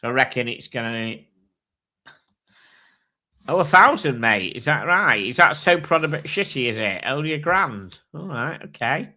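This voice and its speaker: A man's voice: mid-range voice, animated, normal speed, sharp tone. A man hosting a casual livestream chat, thinking aloud, swearing casually and reading out product details. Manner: reads out watch specs and prices. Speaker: host.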